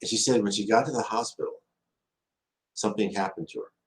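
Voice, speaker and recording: A man's voice: fairly low pitch, fairly even intonation, a little fast, slight background noise, rough recording. A man hosting a question-and-answer talk, telling stories in a rambling way with many restarts and acted-out quotes. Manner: rambling, with frequent restarts, acting out quoted speech. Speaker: host answering viewer questions. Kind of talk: casual storytelling talk.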